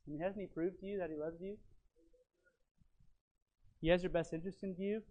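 A man preaching a sermon as he teaches from his notes. He talks earnestly and emphatically, moving between loud stresses and quiet lines. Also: a little high. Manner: teacherly, walks through notes and fill-in blanks.

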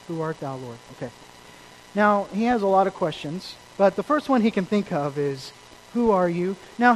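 A man delivers an emphatic sermon in a high voice. He shifts between loud stresses and quiet asides and asks his congregation questions. Faint noise sits behind him. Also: low-quality recording. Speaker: preacher. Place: church service.

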